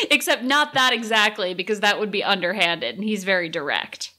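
A woman co-hosting a casual podcast chat, thoughtful and quick to chime in with agreement or a quip. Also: medium pitch, expressive, bright, forceful tone. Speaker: podcast co-host.

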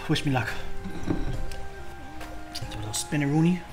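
A man's voice: a little high, huge pitch swings, takes it slowly, over music. A man vlogging a spicy food challenge in a casual way, groaning and exclaiming between bites. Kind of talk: casual mukbang vlog.

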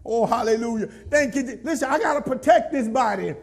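A male pastor preaching to his congregation in a strikingly high voice. He scolds and drives his points home through repetition, and now and then breaks into a shout. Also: fairly quick. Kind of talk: sermon.

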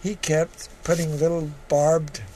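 A man's voice: fairly high pitch, flat delivery, slow pace, mellow, a little hiss or hum, poor audio. A man in his eighties, originally from California, who answers interview questions and reads his memoir aloud, often repeating words and hesitating. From California, USA. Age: 80s. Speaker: guest playwright.

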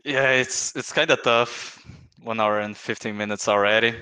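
A man's voice: mid-range voice, fairly even intonation, moderate pace, pushed and bright, smooth. A man chatting casually as a game contestant, tired and offhand. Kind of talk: casual chat.

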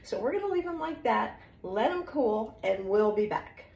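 A woman's voice: fairly high pitch, big pitch swings, normal speed, vocal fry, a little mellow. A middle-aged woman, chatting homey and friendly to viewers as she shows a recipe in her kitchen. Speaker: cooking show host. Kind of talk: casual cooking demonstration. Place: home kitchen.

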